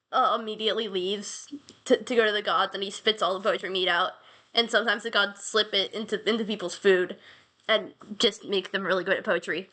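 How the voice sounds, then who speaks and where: A woman chats her way through an old myth, full of slang and stumbling restarts. Her tone is bright and forward, at an ordinary mid pitch. It sounds like a casual solo podcast. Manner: rambling, slangy, many restarts. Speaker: podcast host.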